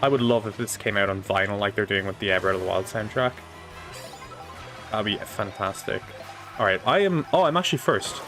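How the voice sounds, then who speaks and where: A man's voice: fairly low pitch, a little fast, a bit bright, soft background music. A young man chatting casually while playing a racing game live, rambling and swearing now and then, on a desk microphone. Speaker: streamer. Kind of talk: casual live gameplay chat.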